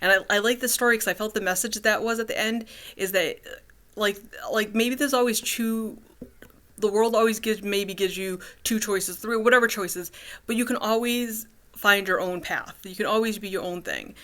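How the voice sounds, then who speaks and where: A woman's voice: medium pitch, moderate pace, a bit bright. A woman vlogging in a casual, rambling way, with many fillers and restarts. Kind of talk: casual personal vlog.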